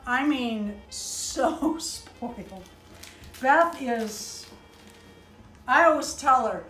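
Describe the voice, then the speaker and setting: A woman's voice: fairly high pitch, a bit bright, a little hiss or hum. A middle-aged woman opening handmade doll gifts on a casual vlog, gushing and exclaiming often, sometimes flustered and choked up.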